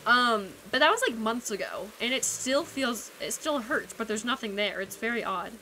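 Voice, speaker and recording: A woman's voice: a little high, expressive, normal speed, bright, forceful tone, a little hiss or hum. A woman streaming a video game, chatting casually with viewers in a playful, teasing way. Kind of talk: casual live-stream chat while playing a game. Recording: game music playing behind the voice. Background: video game background music.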